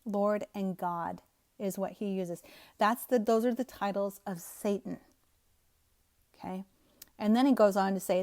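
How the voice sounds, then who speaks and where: A woman's voice: mid-range voice, steady tone, a little slow, pauses often, darkish tone. A woman giving scornful, emphatic Bible commentary to her viewers. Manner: scornful, emphatic, laughs at the text. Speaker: Bible teacher.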